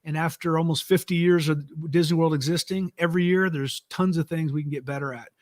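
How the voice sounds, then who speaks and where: A middle-aged man, an author and former executive, talking in a relaxed, conversational way with frequent fillers in an interview. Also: a little high, fairly quick, no room sound, clean studio sound. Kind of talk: casual interview talk.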